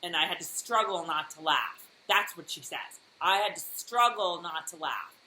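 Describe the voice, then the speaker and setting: A woman co-hosting a casual TV recap podcast, talking in an animated way and acting out characters' lines with laughter. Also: fairly low pitch, normal speed. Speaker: podcast co-host. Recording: roomy echo, faint noise.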